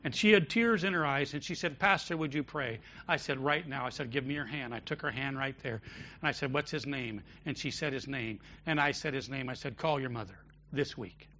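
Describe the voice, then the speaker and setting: A man preaching a sermon as pastor of a church, shifting between loud emphatic declarations and quiet storytelling. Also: mid-range voice, fairly quick, lo-fi sound, a little hiss or hum.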